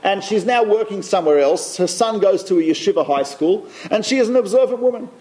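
Lay teacher, man with a high voice, anecdotal talk, repeats himself for emphasis. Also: animated, a little fast, a little mellow. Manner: storytelling, repeats phrases for emphasis.

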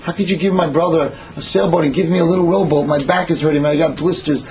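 A man's voice: a little high, steady tone, fast talker, over a noisy crowd, close to an everyday voice, low-quality recording. A man voicing a hardworking, weary son who speaks plainly and earnestly. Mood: complaining.

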